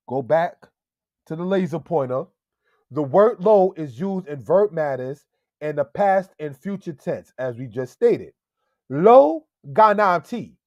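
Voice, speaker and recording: A man teaching Hebrew in a slow, deliberate lesson style, often checking in with "all right?" and calling his viewers family. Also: a little high, a little mellow, no room sound. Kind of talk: slow screen-share language lesson.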